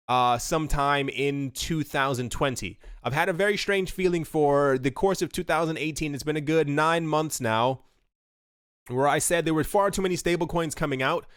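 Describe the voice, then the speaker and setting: A man giving casual, opinionated commentary in a voice pitched a bit high for a man. He talks loosely, full of fillers and restarts. The sound is dry and close. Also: fairly bright tone, clear, resonant tone, no room sound. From United States. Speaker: crypto video host.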